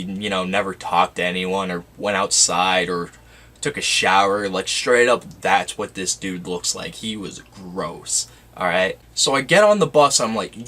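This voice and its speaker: A young man tells a wild story for his vlog, casual and dramatic, peppered with fillers. His voice sits low but comes across bright and forceful. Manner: casual, dramatic, full of "like" and "you know". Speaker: YouTuber.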